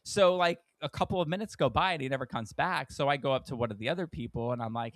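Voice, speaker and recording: A man's voice: fast, few pauses, no echo. A man co-hosting a podcast who tells a story in casual chat, acting out the people he quotes with sudden jumps in his voice. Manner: animated storyteller, acts out quoted people with big pitch jumps. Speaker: podcast co-host.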